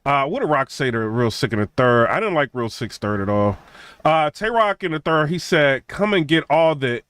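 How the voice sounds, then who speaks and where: A man hosting a channel reviews a rap battle in casual, rambling commentary, laid-back, laughing between points and trailing off while drawling "man" and "bro". His voice is medium-pitched, sing-song, a bit bright and clean, at normal speed.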